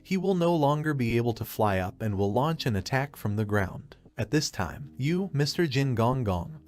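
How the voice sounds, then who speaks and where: A man's voice: mid-range voice, sing-song, moderate pace, a little mellow, close to an everyday voice. A man voicing a scheming male lizardman gamer in a recap story, explaining plans at length.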